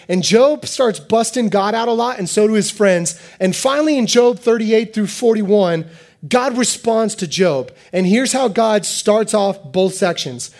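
A man preaching a sermon as a pastor, animated and repetitive, acting out quotes in his talk. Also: high-pitched, normal speed. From United States.

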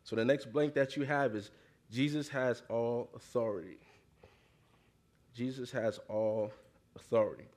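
A man preaches a casual sermon, reading scripture and talking it through in a slangy, conversational style full of "you know" and calls for the congregation to answer back. His medium-pitched voice is unhurried and darkish, with long pauses.

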